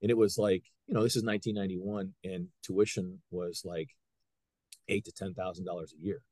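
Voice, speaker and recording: A middle-aged man, a high school wrestling coach, telling stories in a casual interview with lots of restarts. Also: brisk, dry recording. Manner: animated storyteller, frequent restarts.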